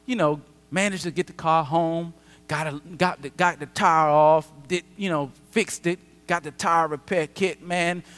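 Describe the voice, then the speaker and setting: Man, pastor, sermon, high voice, animated storytelling, long reverb of a sanctuary. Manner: conversational, animated, dramatic pauses. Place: church sanctuary. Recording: long church hall reverb.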